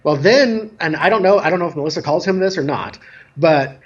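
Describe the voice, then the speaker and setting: A man guest telling a casual story about himself in a relaxed, self-mocking way, over a remote call. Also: a little high, a little fast, highs cut off. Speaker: guest, dance DJ.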